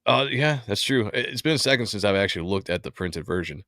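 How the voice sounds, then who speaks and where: A man's voice: on the low side, animated, fast, sharp tone, no echo, studio quality. A man hosting a casual comic book podcast, laid-back and joking, laughing often. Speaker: podcast host. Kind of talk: casual chat about comics.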